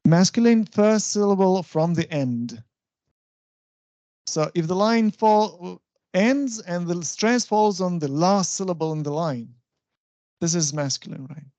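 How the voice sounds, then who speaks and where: Slow, patient lecturer. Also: medium pitch, dark tone, no echo. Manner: patient, explains step by step, checks understanding. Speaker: university lecturer. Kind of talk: English stylistics lecture.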